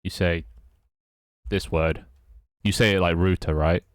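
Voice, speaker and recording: A man's voice: low voice, fairly even intonation, a little slow, dry recording, studio quality. A British man streaming live, muttering and swearing at his code between casual chats with his viewers. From Britain. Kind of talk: casual live-stream chat while coding.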